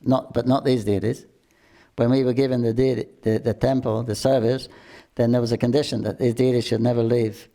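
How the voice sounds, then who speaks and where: An older man casually telling devotional stories, halting often with restarts, throat clearing and chuckles. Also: mid-range voice, level tone, warm tone. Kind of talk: casual storytelling talk.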